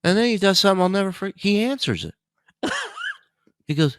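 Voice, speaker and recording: Casting: male podcast guest, animated raunchy storyteller, dead-dry studio sound. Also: sits high, quick pace, pauses often, no echo. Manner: animated, profane, laughs while telling stories. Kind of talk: casual storytelling.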